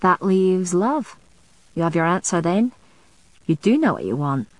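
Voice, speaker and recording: A woman reading the part of a sharp-witted male demon who speaks carefully and curtly in an audiobook. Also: fairly low pitch, very animated, measured pace, no echo. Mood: probing. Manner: curt, careful and gentle. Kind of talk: audiobook character voice.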